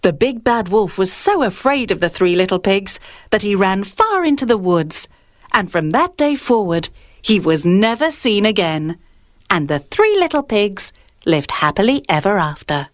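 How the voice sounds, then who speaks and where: A woman's voice: mid-range voice, sing-song, unhurried, no echo, clean studio sound. A woman reading a children's story aloud in a sing-song storytelling manner on a kids' radio show.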